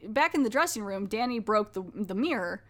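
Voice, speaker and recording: A woman's voice: medium pitch, expressive, fairly quick, fairly bright tone. Chatty woman recapping a TV episode. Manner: chatty, filler-heavy, often restarts. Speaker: podcast host.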